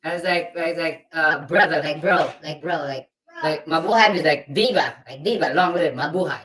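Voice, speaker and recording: A man being interviewed over a call whose voice comes through with a high chipmunk-like distortion. He talks casually and laughs often, bewildered by the sound of his own voice. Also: moderate pace, crowd noise. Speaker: interview guest. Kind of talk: casual chat.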